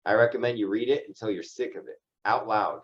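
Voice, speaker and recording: Low-voiced man giving casual team training. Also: brisk, muffled recording. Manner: loose and conversational, often tags lines with "right?". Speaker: insurance agency leader running a team training call.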